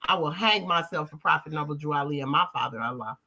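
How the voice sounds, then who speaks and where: A woman's voice: sits low, expressive, quick pace, crowd noise. A woman from Colorado hosting a livestream, talking in a heated, emphatic, repetitive way like a preacher. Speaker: livestream host.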